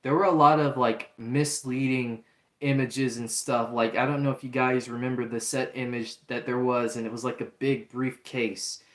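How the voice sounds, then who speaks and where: A man talks through a show review in a loose, chatty way, full of fillers and restarts. His pitch sits in the middle. The room around him gives a noticeable echo. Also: level tone, normal speed, fairly bright tone. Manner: chatty, many fillers and restarts, acts out quotes. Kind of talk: casual review talk. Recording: roomy echo.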